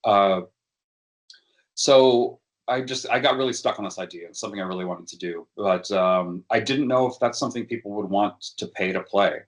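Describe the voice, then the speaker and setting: A man's voice: fairly low pitch, normal speed. A man giving a workshop presentation, talking hesitantly with frequent fillers and restarts. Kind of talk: educational workshop talk.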